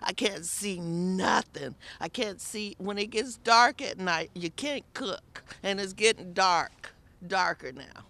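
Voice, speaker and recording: A woman tenant giving emotional testimony at an outdoor rally, exasperated and sometimes shouting. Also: medium pitch, animated, slow pace.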